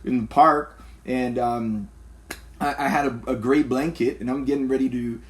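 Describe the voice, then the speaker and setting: A man from Canada, a pastor, in a relaxed church conversation. He tells stories with energy and acts out the voices of the people he quotes. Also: medium pitch, moderate pace. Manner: animated storyteller, acts out quotes.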